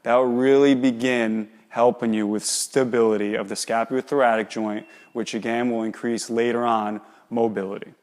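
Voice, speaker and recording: A man's voice: medium pitch, little pitch movement, moderate pace, hardly any pauses, darkish tone. Man coaching exercises in a reverberant hall. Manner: coaching, explains while demonstrating. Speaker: exercise specialist. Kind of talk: instructional exercise demonstration.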